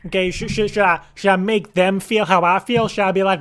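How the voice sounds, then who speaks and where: A man with a notably high voice makes a prank call. He rambles and stammers, repeating himself, and keeps up a mock-earnest tone. He is heard over a phone call. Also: fairly even intonation, brisk, few pauses, fairly bright tone. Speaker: prank caller.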